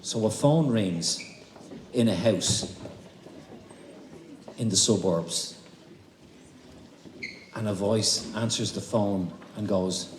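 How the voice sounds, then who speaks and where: A man's voice: lowish voice, a little slow, long pauses, darkish tone. A man with an Irish accent hosting a charity concert, chatty and jokey, telling a story on a stage mic. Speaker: concert host. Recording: echoey hall, faint noise.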